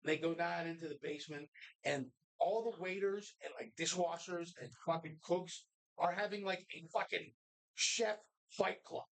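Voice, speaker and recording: A co-host on a live talk show recorded in a bar, swearing constantly while retelling a movie in animated detail. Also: mid-range voice, moderate pace. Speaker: podcast co-host.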